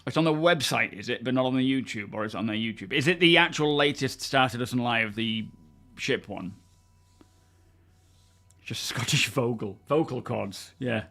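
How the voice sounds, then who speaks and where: A man's voice: mid-range voice, moderate pace, bright, forceful tone. A man from England hosting a casual live stream, chatting loosely and answering viewers by name. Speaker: livestream host.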